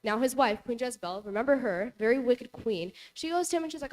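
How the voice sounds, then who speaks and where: A woman's voice: a little high, expressive, brisk, a little mellow. A young woman presenting a casual Bible lesson to a youth group in a church hall, retelling the story in a chatty way full of "like" and "you know".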